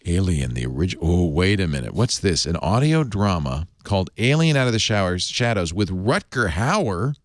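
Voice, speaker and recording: Male show host, deep and lively voice, close dry mic, loose enthusiastic ad read. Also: moderate pace, no echo. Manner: enthusiastic, chatty, rambling. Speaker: podcast host. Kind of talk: live ad read on a tech talk show.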